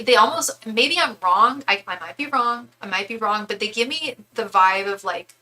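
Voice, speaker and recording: A woman's voice: mid-range voice, pushed and bright, low-quality recording. A young woman giving a casual live tarot reading, chatty and candid, thinking aloud with frequent restarts. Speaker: tarot reader.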